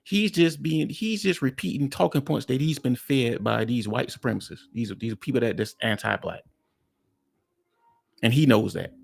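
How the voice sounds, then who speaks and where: A man's voice: mid-range voice, normal speed, gravelly. A man hosting a reaction commentary, talking bluntly and mockingly to his viewers. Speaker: commentary host.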